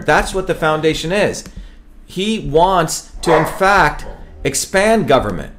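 Speaking at normal speed with lively intonation, this slightly high-voiced man is an Indian political candidate making his pitch to camera on his web show. He's emphatic but often trips over his words and repeats them.

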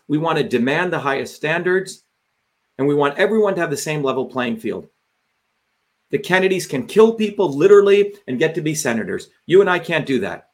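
A man with a somewhat high voice rants on a livestream. He talks as a political candidate and host, and his delivery is fiery, forceful and full of swearing. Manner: fiery, profane ranting delivery.

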